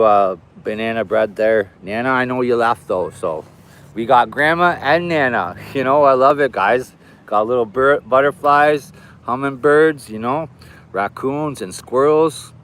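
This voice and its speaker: A man's voice: fairly low pitch, a bit bright. A man walking by a river, chatting casually to his livestream viewers, thanking them and reading out their comments. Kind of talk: casual live stream chat. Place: outdoors by a river.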